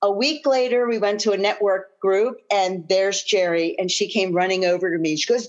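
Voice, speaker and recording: A woman guest coach of middling pitch guides listeners through affirmations and shares stories from her own life. She repeats short phrases slowly and with earnest care. The audio sounds dull and lo-fi. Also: fairly even intonation. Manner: slow, earnest repetition of phrases. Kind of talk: guided affirmations and personal storytelling.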